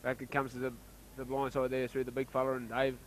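An Australian man giving casual, chatty commentary on a local rugby league match, getting excited when play heats up. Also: mid-range voice, quick pace, a little hiss or hum, rough recording.

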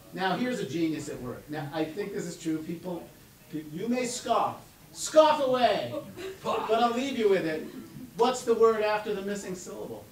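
A man giving a lively conference lecture, reciting poems aloud and quizzing the audience. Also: on the high side. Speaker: conference speaker. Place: conference hall. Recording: echoey hall from far off.

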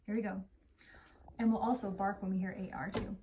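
Female phonics teacher, one-on-one with a child, warm praise, slow storybook reading. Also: mid-range voice, steady tone. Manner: patient, encouraging, slow read-aloud.

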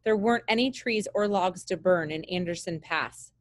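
A woman teacher reading a children's book aloud in a steady, plain way with small slips. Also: fairly low pitch, moderate pace, no room sound.

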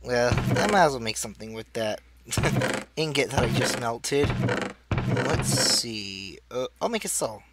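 A man doing let's play commentary, talking to himself as he plays and bursting into excited squeals. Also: mid-range voice, a little slow, heavy background noise. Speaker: gaming channel host.

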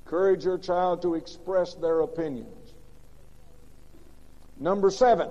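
A man preaching a sermon as pastor, swinging between loud emphatic bursts and quiet, low asides. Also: a little slow, pauses often. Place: large church sanctuary. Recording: old lo-fi recording with long reverb.

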